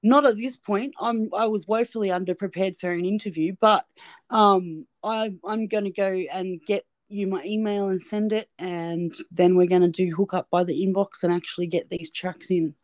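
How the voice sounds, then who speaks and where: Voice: medium pitch, fairly even intonation, moderate pace, dry recording. A podcast host chatting casually with a guest, patient and encouraging. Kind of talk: casual interview chat.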